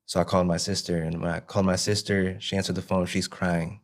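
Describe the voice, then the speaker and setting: A man, the guest, telling his personal recovery testimony in a halting way, often checking "you know what I mean". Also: sits low, flat delivery. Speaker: interview guest.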